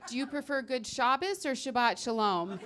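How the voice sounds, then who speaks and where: A woman's voice: on the high side, animated, moderate pace, a bit bright. A woman voicing an overly polite male firefighter who speaks in a prim, fussy, courteous way.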